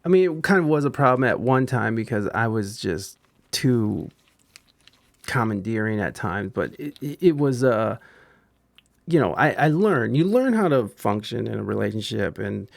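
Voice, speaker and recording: A man with a gravelly, fry-edged voice hosting a relaxed podcast conversation. He talks in halting bursts, restarting sentences often. The sound is dry and close, with no room around it. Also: lowish voice, no echo. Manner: halting, frequent restarts and fillers. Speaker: podcast host. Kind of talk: casual podcast chat.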